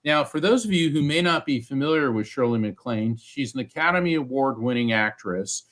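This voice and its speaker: A man's voice: mid-range voice, a little fast. A man guesting on an interview podcast as a psychic medium, telling stories and acting out what others said. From United States. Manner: animated storyteller, acts out quoted voices. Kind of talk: storytelling interview.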